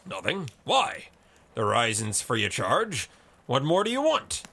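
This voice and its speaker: Man voicing a loud, swaggering storybook sea captain, lively and gravelly. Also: mid-range voice, a little slow, heavily acted. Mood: defiant. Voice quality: roaring, impassioned.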